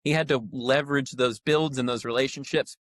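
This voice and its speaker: A man telling a workplace story with lively retold quotes in a casual podcast conversation. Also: mid-range voice, a little fast, dry recording. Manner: animated storyteller, acts out quotes. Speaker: podcast guest, roofing company leader.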